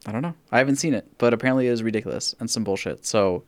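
A podcast host with a medium-pitched voice rants at rapid-fire speed in a casual chat, laughing and swearing throughout. His delivery is animated and profane, and the recording is dry.

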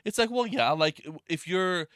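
A man's voice: high voice, lively intonation, moderate pace, fairly bright tone, smooth, no echo, studio quality. A man co-hosting a podcast in casual, rambling chat, full of fillers and swearing.

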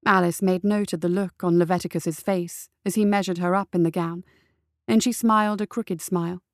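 Woman narrating a dark story, dry sound. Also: on the low side, steady tone, moderate pace, no room sound.

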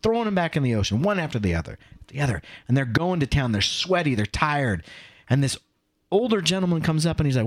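A middle-aged man with a slightly high voice talks fast while co-hosting a casual podcast. He's an animated storyteller who rants with plenty of emphasis.

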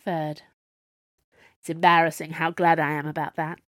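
A woman's voice: low-pitched, little pitch movement, moderate pace, a bit bright, no echo, clean studio sound. A woman reading an audiobook in a wry, conversational narrating voice. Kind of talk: scripted narration.

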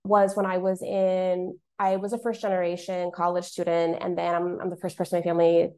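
A woman's voice: on the low side, little pitch movement, a little fast, darkish tone. A woman from the American Midwest hosting a casual panel conversation, talking in a chatty way with lots of fillers and restarts. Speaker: discussion host.

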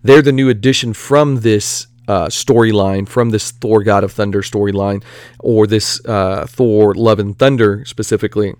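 A man giving casual, rambling commentary on superhero movies, excitable and full of asides and fillers. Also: on the low side, moderate pace, smooth, dry recording.

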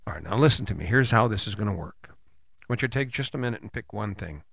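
Bright-voiced man giving motivational talk. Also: lowish voice, quick pace, gravelly, breathy edge, no echo, studio quality. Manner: direct, coaching, addresses listener; animated, acts out imagined dialogue. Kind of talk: motivational monologue.

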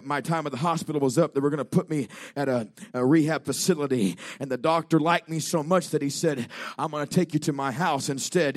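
An evangelist preaching a sermon in church, telling a story that builds to shouting. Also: male voice, medium pitch, no room sound, studio quality.

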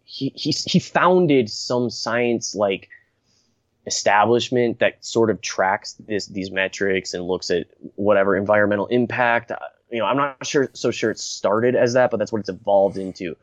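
A man's voice: on the low side, moderate pace, dry recording. A young man hosting a casual podcast chat, rambling and blunt, laughing often and restarting his sentences. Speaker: podcast host. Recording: dry, dull lo-fi recording.

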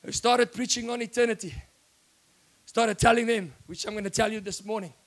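A man with a South African accent preaching an excitable sermon, often breaking into shouts. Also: sits high, brisk.

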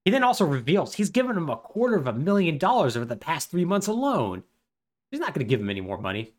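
A man's voice: on the high side, sing-song, quick pace. A man co-hosting a podcast, sarcastically recapping a video game plot in casual chat and acting out lines. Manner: sarcastic and wry, acts out the characters' dialogue. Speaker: podcast co-host.

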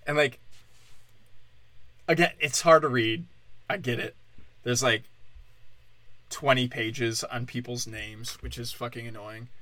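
A man's voice: medium pitch, fairly even intonation, unhurried, pauses often, fairly bright tone, no echo. A man hosting a podcast, delivering an irreverent comedic monologue, rambling with lots of "like" and frequent laughter. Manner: rambling, laughs often, heavy use of "like".

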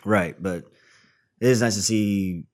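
Low-voiced young man rambling about sports. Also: slow pace. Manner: rambling, swearing, many fillers. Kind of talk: casual chat.

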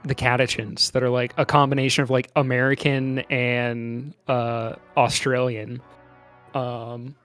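A man talks loosely through a casual podcast chat, with lots of "like" and "uh" as he goes. His pitch sits in a middling range. Soft music plays faintly underneath. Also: little pitch movement, a little slow. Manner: chatty, loose, full of "like" and "uh" fillers. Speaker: podcast co-host. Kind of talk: casual chat about a movie.

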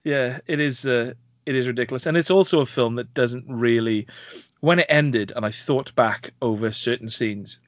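A man's voice: medium pitch, normal speed, no echo, dull audio. A man co-hosting a podcast, reviewing a film in a rambling, casual way with many fillers and bursts of laughter. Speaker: podcast co-host.

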